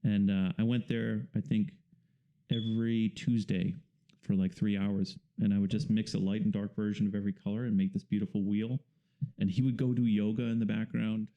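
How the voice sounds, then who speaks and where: Low gravelly man explaining in a relaxed way. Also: moderate pace, muffled recording. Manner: relaxed, explanatory, rambling with fillers. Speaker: guest painter. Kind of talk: casual interview talk.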